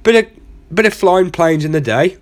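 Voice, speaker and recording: Rambling man, higher voice. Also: expressive, normal speed. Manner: rambling, self-mocking, full of asides. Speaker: comedian podcast host. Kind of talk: comic storytelling monologue.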